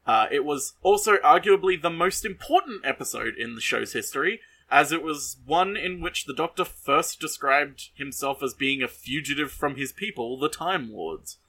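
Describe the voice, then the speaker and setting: Bright-voiced playful podcast host. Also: male voice, animated, normal speed, hardly any pauses, breathy edge. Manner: playful, swears casually, sudden jumps in pitch. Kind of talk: casual podcast chat with trivia.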